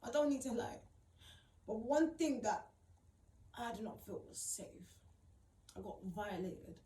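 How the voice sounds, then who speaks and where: A woman's voice: on the high side, animated, measured pace, warm tone. A young woman telling her own painful story, tearful and upset, rambling and repeating herself with emphatic slang. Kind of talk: emotional personal testimony. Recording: roomy, mic at a distance.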